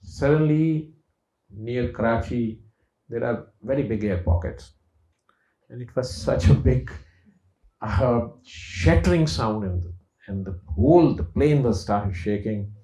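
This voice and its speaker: A man's voice: medium pitch, animated, unhurried, mellow. Man telling a story, echoey. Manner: anecdotal, laughs while telling a story. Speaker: doctor and speaker. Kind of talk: storytelling lecture. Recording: echoey, dull lecture sound.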